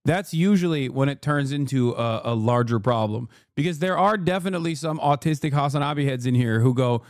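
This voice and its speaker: A man's voice: mid-range voice, a little fast, no room sound, clean studio sound. A male streamer giving live reaction commentary in a profane, sarcastic, ranting way.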